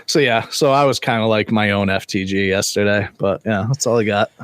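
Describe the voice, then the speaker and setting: A man co-hosting a podcast, telling stories in a loose, profane, animated way. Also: lowish voice, fairly quick, smooth, no room sound. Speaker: podcast co-host. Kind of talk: casual chat.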